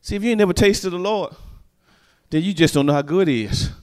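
A man's voice: high-pitched, fairly quick, smooth. A man preaching a sermon, telling stories and checking in with the congregation in a call-and-response manner. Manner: animated, call-and-response, storytelling.

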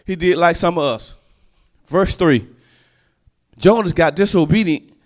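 A man's voice: fairly high pitch, unhurried. A man preaching a sermon, telling stories and checking in with the congregation in a call-and-response manner. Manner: animated, call-and-response, storytelling.

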